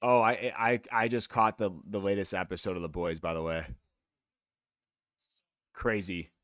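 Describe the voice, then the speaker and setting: A man's voice: low voice, little pitch movement, normal speed, a bit bright, no echo, clean studio sound. A man from the United States hosting a live fight watch-along stream, talking in a laid-back, rambling, profane way. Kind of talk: casual chat.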